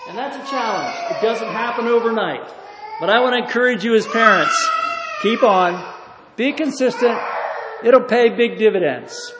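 A man's voice: extremely high pitch, normal speed. A man preaching a folksy revival sermon to a church congregation, mixing stories with emphatic exhortations. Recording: echoey hall, faint background noise.

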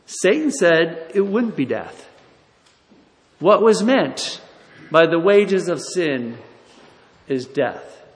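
A man preaching a sermon, emphatic, swinging between loud declarations and hushed storytelling. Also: on the high side, very animated, slow pace, long pauses. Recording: echoey hall, somewhat distant.

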